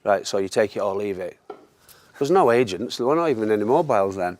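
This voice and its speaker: A man telling an anecdote in casual conversation as a guest, a lively storyteller who laughs often. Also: fairly low pitch, a little fast. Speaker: former footballer, guest.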